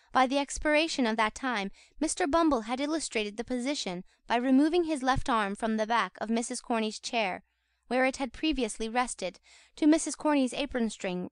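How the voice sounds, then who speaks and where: A woman narrating an audiobook of a classic novel in a measured, expressive reading voice. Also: fairly high pitch, clean tone, no echo, studio quality. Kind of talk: scripted literary narration.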